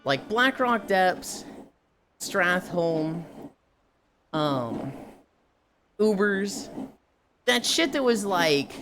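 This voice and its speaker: Low-voiced woman streamer, lively and profane. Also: drawn-out words, long pauses, slight background noise. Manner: profane, animated, laughs often. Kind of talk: casual livestream chat. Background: music.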